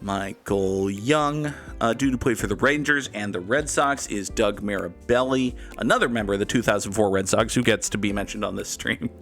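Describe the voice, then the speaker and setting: A man's voice: on the low side, fairly quick, few pauses, fairly bright tone. Joking male streamer with faint music. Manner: playful, jokey, reads and answers chat. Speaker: streamer and host. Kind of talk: casual live-stream chat while playing a game.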